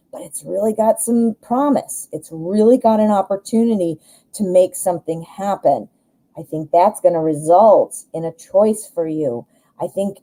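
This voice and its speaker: A woman with a Midwestern American accent talks her way through a live tarot reading, chatty and rambling. She often restarts her sentences and sounds easily excited. Her voice is very mellow and dark, at a middle pitch. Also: rough recording. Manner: chatty, rambling, enthusiastic, frequent restarts and fillers. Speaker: tarot reader, live show host.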